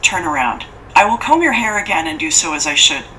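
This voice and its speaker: A woman's voice: deep voice, sing-song, a little fast, sharp tone, exaggerated voice. A woman voicing an ancient female monster who speaks in a formal, cool and scolding way. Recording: faint noise, distant from mic.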